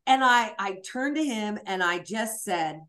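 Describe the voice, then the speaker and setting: A woman stand-up comic telling a personal story in a frank, animated way, swearing freely and acting out the voices of the people in it. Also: medium pitch, a little slow. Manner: animated, acts out voices and screams in the retelling. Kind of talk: storytelling interview.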